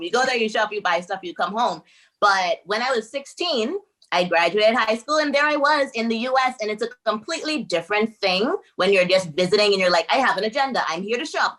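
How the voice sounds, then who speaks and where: Bright, lively woman from the Bahamas. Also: medium pitch. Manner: lively, acts out dialogue in her stories. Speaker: podcast guest, anti-racism educator. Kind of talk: animated personal storytelling.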